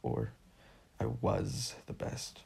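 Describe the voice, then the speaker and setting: Guy doing a grumpy bitter ex-simp, snappy and rude, dark husky voice. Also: fairly low pitch, big pitch swings, drawn-out words, full character voice. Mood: sulky. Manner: snaps insults, curt and irritable.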